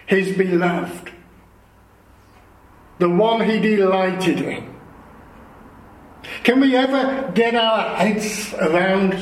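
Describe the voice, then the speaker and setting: A man preaching a sermon, explaining scripture in a slow, earnest way. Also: high voice, reverberant, low-quality recording.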